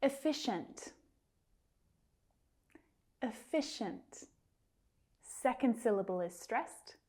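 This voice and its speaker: Slow, mellow-voiced pronunciation teacher woman. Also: fairly high pitch, expressive, husky. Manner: careful, drawn-out repetition of words.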